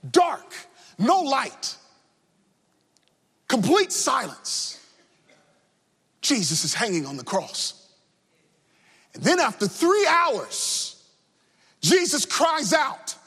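A man preaching a sermon with impassioned delivery, sung cadences and shouted refrains. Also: very high-pitched. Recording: long hall reverb.

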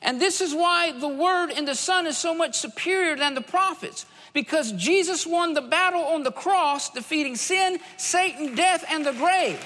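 A man's voice: very high-pitched, normal speed, few pauses, sharp tone. A man preaching a sermon, emphatic, repeating key phrases for stress. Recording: long hall reverb.

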